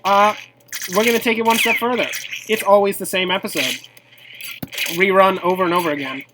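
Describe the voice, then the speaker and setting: A woman giving playful, mock-serious commentary over a game, scolding in a theatrical mock-formal tone that breaks into high squeals. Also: steady tone, a little fast, background noise. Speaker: gameplay commentator.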